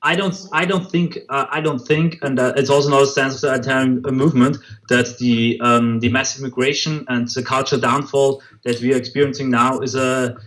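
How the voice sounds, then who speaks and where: Guy fumbling through answers, lots of ums and uhs, halting and defensive. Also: mid-range voice, steady tone, a bit bright, poor audio. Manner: hesitant, many fillers and restarts. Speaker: interview guest.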